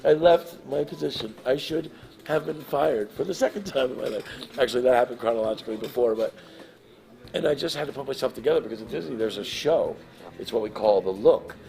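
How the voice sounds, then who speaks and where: A man telling a story to a live audience, animated and emotional, swinging from hushed to loud. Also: medium pitch, fairly quick, vocal fry, slight background noise. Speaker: guest storyteller.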